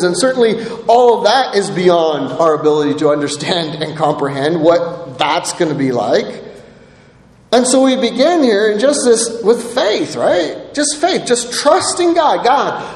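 A man preaching a sermon, earnestly reading scripture and often checking in with "right?". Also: very high voice. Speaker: pastor. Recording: echoey hall with long reverb.

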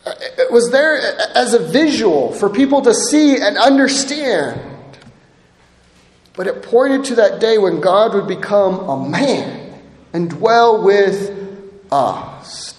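A man preaching with a very high, lively voice, pressing each point hard and tossing in "right?" after many lines. His sermon rings out through an echoey hall with a long reverb tail. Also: takes it slowly. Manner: emphatic, keeps asking "right?". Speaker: pastor.

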